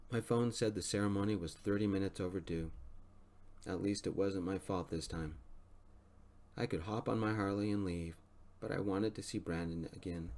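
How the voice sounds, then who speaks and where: A man reading a story aloud in a soft-spoken, gentle manner. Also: low voice. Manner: gentle, even reading pace.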